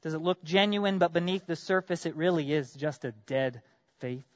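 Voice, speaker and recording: A man preaching a sermon as pastor, earnest, asking his congregation direct questions, swinging from loud emphatic bursts to quiet drops. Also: on the high side, moderate pace, dry recording, muffled recording.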